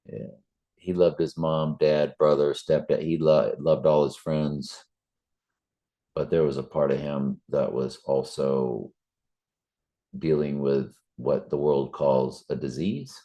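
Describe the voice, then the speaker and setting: A man's voice: a bass voice, steady tone, slow, dark tone. A middle-aged man, talking in an earnest, preachy way with fillers and restarts. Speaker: Bible study channel host. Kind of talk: casual spoken reflection.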